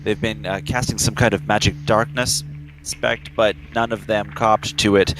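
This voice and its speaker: A man's voice: lowish voice, fairly even intonation, moderate pace, a bit bright, a little hiss or hum, low-quality recording. A man playing a tabletop game, speaking formally as his character. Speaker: player.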